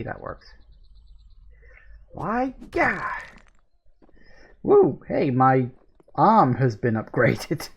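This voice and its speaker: A woman narrates a farm-building game in a chatty let's-play style. Her pitch jumps around freely, and she breaks into sudden excited cries and laughter while reading the game's prompts aloud. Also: lo-fi sound. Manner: chatty, easily excited, quick to laugh and swear. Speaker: gaming video host. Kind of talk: casual let's-play commentary.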